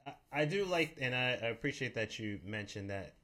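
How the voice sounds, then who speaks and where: A man's voice: mid-range voice, lively intonation, normal speed, bright, forceful tone. A man co-hosting a casual podcast, speaking in an emphatic, conversational way. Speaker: co-host.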